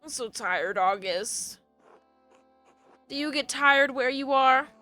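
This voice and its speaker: A woman reading as a weary grieving father, in a quiet, tired, softly lowered voice. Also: takes it slowly, faint music behind, full character voice. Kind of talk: reading game dialogue aloud.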